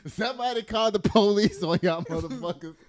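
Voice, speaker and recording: A man hosting a casual celebrity gossip show, reading news aloud with animated, profane commentary and frequent laughter. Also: high-pitched, brisk, crowd noise. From the Bronx. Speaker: podcast host.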